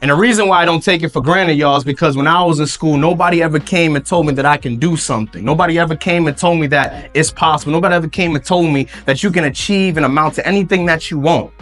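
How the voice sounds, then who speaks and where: A man's voice: a little high, quick pace, few pauses, fairly bright tone, faint music behind. A man in his thirties giving a motivational speech to students at a school event, hyping the crowd with call-and-response and lots of "y'all". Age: 30s. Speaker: motivational speaker. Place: school event with live audience.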